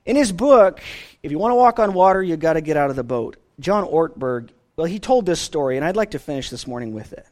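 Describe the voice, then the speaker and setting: Man, pastor, earnest sermon delivery; high, very animated pitch. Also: a little fast. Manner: earnest preaching, rising and falling emphasis.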